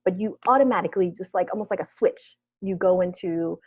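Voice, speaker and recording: A woman therapist leading a wellness workshop discussion, speaking gently and reflectively and often checking in with "right?". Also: on the low side, brisk, few pauses, no room sound. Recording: dull lo-fi video call audio.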